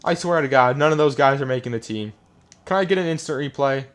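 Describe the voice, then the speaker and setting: A young man giving live commentary while playing a football video game, often frustrated, muttering low one moment and yelling the next. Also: fast. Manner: frustrated, ranting, swings between muttering and yelling. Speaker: gaming YouTuber. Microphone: desk microphone.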